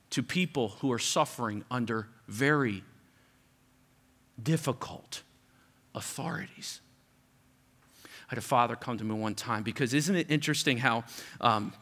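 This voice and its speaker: A middle-aged man preaching a sermon as pastor, animated, acting out the people he quotes. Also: mid-range voice. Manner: animated, acts out quoted parents with raised voice.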